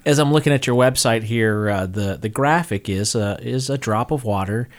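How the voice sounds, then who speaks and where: A man's voice: mid-range voice, normal speed, dry recording. A man hosting a weekend radio talk show, speaking upbeat into a studio microphone as he wraps up the hour. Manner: upbeat, wrapping up with sign-offs. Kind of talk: radio interview.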